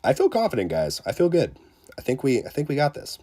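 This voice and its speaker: A man with a medium-pitched voice talks a little fast while livestreaming a game. He chats casually with lots of fillers, greets viewers, and pokes fun at himself in an excitable, self-deprecating way.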